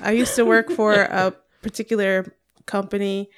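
A woman's voice: mid-range voice, moderate pace. A young woman co-hosting a casual podcast chat, telling stories and acting out the people in them. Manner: animated storyteller, acts out quoted people. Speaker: podcast co-host.

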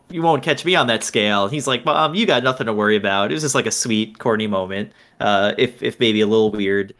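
A man in relaxed podcast chat, retelling a movie's plot step by step. He talks in an easygoing, agreeable way, full of "um" and "you know". His pitch sits in a plain middle range. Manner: easygoing, lots of fillers, agreeable. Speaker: podcast co-host. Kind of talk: casual movie recap chat.

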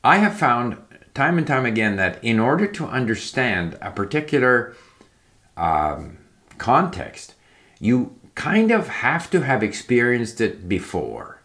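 A man's voice: medium pitch, sing-song, measured pace, a bit bright. A man giving casual, rambling spoken advice about language learning, with frequent fillers and restarts. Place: home in Palm Springs.

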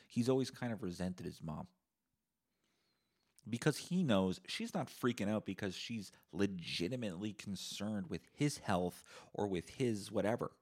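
A man's voice: lowish voice, a little mellow. A man from Canada rants alone into a podcast mic, swearing freely. His talk is sarcastic and heated, and he tells a long mocking story. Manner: profane, sarcastic ranting. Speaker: podcast host. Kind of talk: solo podcast rant.

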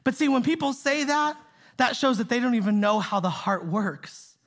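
A man's voice: very high voice, expressive, normal speed, a bit bright. A man preaching a sermon as pastor, emphatic and conversational, repeating key phrases and checking in with "right?" and "see?". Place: church in the Bay Area.

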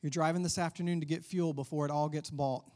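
A man's voice: on the high side, steady tone, quick pace, a little mellow. A man, a pastor preaching a sermon in a conversational way with asides to the congregation.

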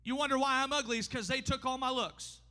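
A high-pitched man preaching in a church sanctuary, his voice ringing through a long hall reverb. His tone is bright and piercing, and he preaches emphatically, rising to shouts and slowing down for weight. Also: fairly even intonation. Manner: emphatic, often shouting, pace swinging fast and slow. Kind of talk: sermon.

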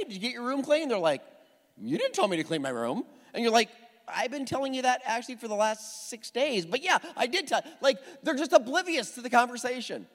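A man's voice: sits high, a bit bright, big-room sound. A middle-aged male pastor preaching a sermon to his congregation, telling stories with self-deprecating humor. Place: church sanctuary with a congregation.

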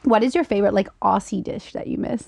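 Lady host, gushy and excited, lots of vocal fry. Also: mid-range voice, fast, no echo. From Louisiana. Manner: enthusiastic, gushing exclamations. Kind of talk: casual interview chat.

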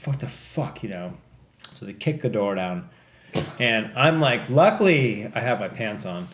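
A man telling a story from his life in casual podcast chat, rambling and swearing, with excited bursts at the tense parts. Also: fairly low pitch, unhurried. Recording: echoey room with faint background noise.

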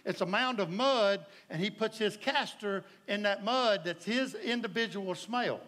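Folksy Southern preacher, bright high voice. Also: male voice, a little slow. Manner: folksy, storytelling, addresses the congregation directly. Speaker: pastor. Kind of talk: sermon.

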